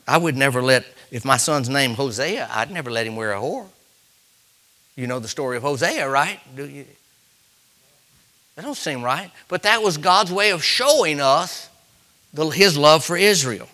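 A man delivers a sermon in a bright, forceful voice that sits a little high for a man. He tells stories and tosses quick questions to the congregation. Now and then he builds to loud, emphatic peaks. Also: lively intonation. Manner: rising to loud emphatic peaks, call-and-response; storytelling with quick asides to the congregation. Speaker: preacher.

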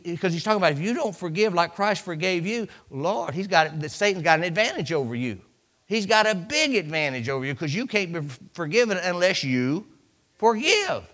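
Man preaching a lively sermon. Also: fairly high pitch. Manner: preachy, conversational, with acted-out asides and hallelujahs. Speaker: pastor. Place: church.

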